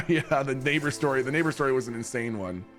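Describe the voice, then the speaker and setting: A man's voice: mid-range voice, fairly quick, faint music behind. A man streaming from home and casually telling wild stories to his chat, swearing and laughing often. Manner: animated, profane, laughing between lines.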